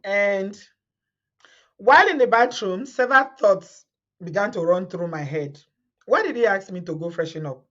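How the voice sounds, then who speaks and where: A woman's voice: mid-range voice, expressive, moderate pace, fairly bright tone. A woman reading a viewer's story aloud in a casual way, often breaking into laughter and adding her own comments. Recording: dull lo-fi sound.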